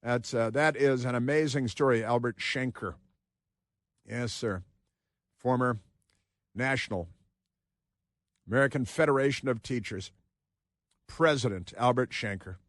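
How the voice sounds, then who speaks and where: A man's voice: medium pitch, unhurried, pauses often, fairly bright tone, no echo, studio quality. A man hosting a talk radio show, delivering an opinionated monologue with combative, sarcastic asides.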